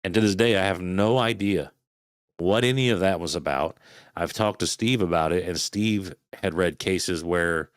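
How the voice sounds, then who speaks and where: A man in his thirties, a podcast guest, telling a frightening personal story in casual, swearing, animated talk. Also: sits low, no echo, clean studio sound. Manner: swearing, animated retelling of a scary night.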